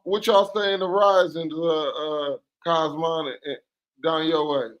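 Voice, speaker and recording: A man's voice: a little high, steady tone, measured pace, rough recording. A man calling in as a guest on a livestream, talking in a laid-back, boastful, joking way. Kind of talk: casual livestream banter.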